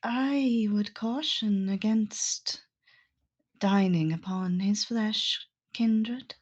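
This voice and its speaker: A woman's voice: mid-range voice, very slow, highs cut off, pitched above the performer's own voice. A woman voicing a formal, hungry female companion who speaks in stately, old-fashioned phrases. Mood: cautioning.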